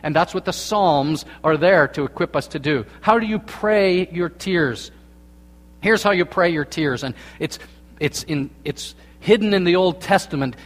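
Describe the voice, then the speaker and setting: A man preaching a sermon as a pastor, earnest, dropping to hushed tones and then rising to emphatic points. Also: a little high. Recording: long reverb of a large hall.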